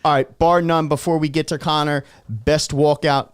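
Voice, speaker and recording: A man's voice: a little high, fairly even intonation, moderate pace, clean tone, no echo, studio quality. A man co-hosting a casual chat, chiming in with short agreements and hype. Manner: brief agreeing interjections, hyped. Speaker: co-host.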